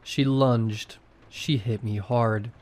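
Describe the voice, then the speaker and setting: A man narrates a first-person horror story in short, clipped, tense sentences. He keeps a slow, unhurried pace. His delivery is steady and deliberate. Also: medium pitch.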